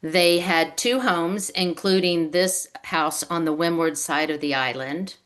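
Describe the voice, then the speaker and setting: A woman's voice: lowish voice, a little slow, a bit bright, clean tone. A woman author speaking over a video call, telling her family's story in a storytelling way and acting out what her relatives said. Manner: storytelling, acts out quoted relatives. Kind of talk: reading prepared remarks on a video call.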